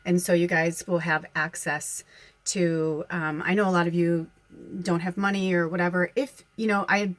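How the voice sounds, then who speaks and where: A woman's voice: fairly low pitch, flat delivery, normal speed, no room sound. A woman medium talking casually to her followers, rambling and chatty, often breaking into laughter. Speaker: spiritual medium and channel host.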